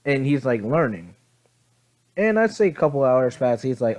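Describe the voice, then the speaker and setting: A man's voice: mid-range voice, lively intonation, moderate pace, darkish tone. Sleepy man rambling through a story. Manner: rambling, many fillers and self-corrections, casual swearing. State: sleepy, yawning. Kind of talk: casual improvised fan-story telling. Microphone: phone.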